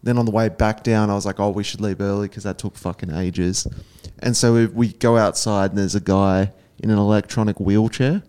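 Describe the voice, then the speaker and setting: Man, fairly low voice, dry wry podcast chat. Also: steady tone, moderate pace, few pauses, darkish tone, clear, resonant tone. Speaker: podcast co-host. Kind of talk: casual storytelling on a podcast.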